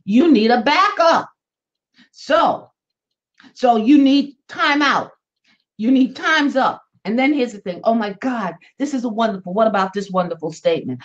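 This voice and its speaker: A woman's voice: a little high, a little slow, dull audio. A woman hosting a weekly motivational live stream, talking animatedly and repeating phrases for emphasis. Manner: animated, repeats phrases, acts out little quoted voices. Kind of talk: motivational talk on a social media live stream.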